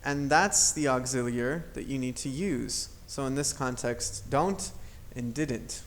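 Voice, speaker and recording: A man's voice: mid-range voice, unhurried, slight background noise. A man teaching an English grammar lesson, explaining patiently and modeling intonation aloud.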